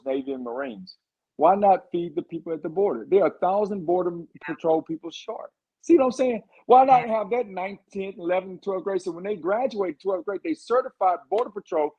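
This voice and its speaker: A man from Texas running for governor gives fired-up, rambling answers in a podcast interview. His voice sits high and moves a little fast, and the recording sounds lo-fi.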